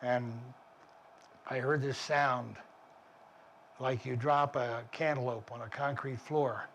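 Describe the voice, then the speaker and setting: A man's voice: medium pitch, steady tone, slow, vocal fry, a bit bright, a little hiss or hum. An older man, an army veteran, recounting his war memories in a vivid, plainspoken way with frequent restarts. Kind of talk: war memoir storytelling.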